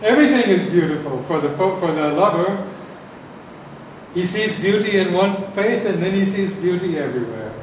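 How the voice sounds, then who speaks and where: A man teaching how to read verse aloud, reciting lines slowly and with heavy emphasis, recorded from far off in an echoey room. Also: high-pitched, animated, a little hiss or hum. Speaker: poetry teacher. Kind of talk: lecture on reading verse aloud.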